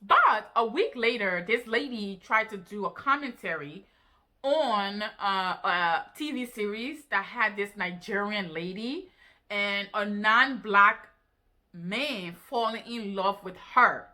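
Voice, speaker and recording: A woman vlogger casually recounting an online exchange, animated and incredulous, with rhetorical questions to her viewers. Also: mid-range voice, slow pace. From Africa. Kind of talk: casual storytelling to camera.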